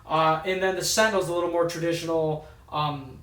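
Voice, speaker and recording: A man's voice: a little high, fairly even intonation, a little fast, fairly bright tone. A man talks through a horror movie review in a loose, rambling manner, stopping and restarting his sentences often. His voice sits a touch above the typical male range. The sound is roomy and echoey, as if the mic is well away from him. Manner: rambling, lots of ums and restarts. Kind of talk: casual movie review vlog. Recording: echoey room, distant mic.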